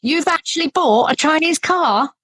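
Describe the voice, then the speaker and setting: An older woman with a British accent speaks in a high, dry voice. She rants in an agitated, insistent way, repeating her claims over and over as she confronts a stranger about his car. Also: expressive, normal speed, a bit bright, dry recording, low-quality recording. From Britain. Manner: agitated, insistent conspiratorial ranting. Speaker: passerby confronting a driver. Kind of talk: street confrontation clip.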